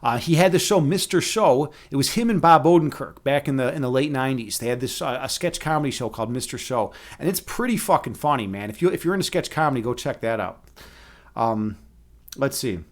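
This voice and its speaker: A man in his thirties hosting a live stream, chatting casually with his viewers, rambling through profane, animated stories and laughing at his own jokes. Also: mid-range voice, brisk. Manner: many restarts and fillers, animated storytelling.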